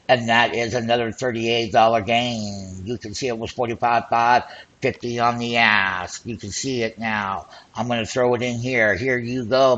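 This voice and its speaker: A man hosting an options trading show, talking excitedly and boastfully as he walks through call and put charts. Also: medium pitch, muffled recording. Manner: excited, boastful, hype-driven patter. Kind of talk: screen-share trading commentary.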